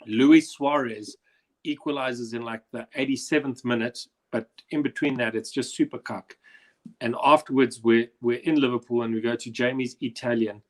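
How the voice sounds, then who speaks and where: A young South African man hosting a comedy quiz over a video call, chatty and animated as he tells stories. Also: mid-range voice, moderate pace. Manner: chatty, animated anecdote-telling. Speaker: quiz host. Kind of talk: casual quiz hosting and storytelling.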